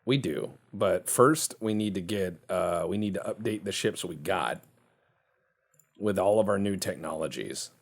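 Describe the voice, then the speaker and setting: A man's voice: deep voice, measured pace, vocal fry. A man hosting a casual video game commentary, cracking jokes and laughing often. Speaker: game streamer.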